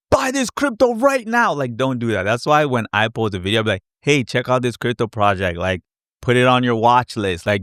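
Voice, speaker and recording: A man hosting a casual live Q&A stream, chatty and animated, acting out his past reactions with little sound effects. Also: fairly low pitch, no room sound, studio quality. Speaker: crypto educator hosting a live Q&A. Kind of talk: casual livestream chat.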